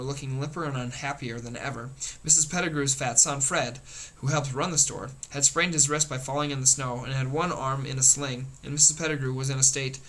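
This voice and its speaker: A man reading a novel aloud in a steady voice, with occasional slips and restarts. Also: medium pitch, rough recording. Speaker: audiobook reader.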